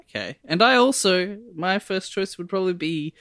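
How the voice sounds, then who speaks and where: A man hosting a casual podcast chat, playful and quick with laughing asides. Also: high voice, animated, fairly bright tone, no room sound, studio quality. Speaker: podcast host.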